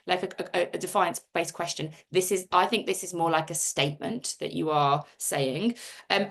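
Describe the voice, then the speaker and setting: A woman's voice: medium pitch, gravelly. A middle-aged woman hosting a live video-call workshop, chatty and self-interrupting, often reading out comments from the chat. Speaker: workshop host.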